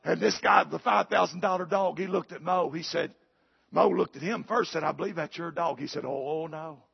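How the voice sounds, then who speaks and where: Man, preacher, husky gravelly voice, high-pitched, folksy sermon, muffled recording. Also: moderate pace. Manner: folksy storytelling that builds to shouted preaching. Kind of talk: storytelling sermon. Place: church.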